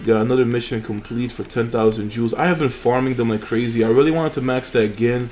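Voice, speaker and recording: A man's voice: medium pitch, quick pace, darkish tone, a little hiss or hum. A young man hosting a mobile game channel, chatting casually and rambling with fillers and restarts over his gameplay.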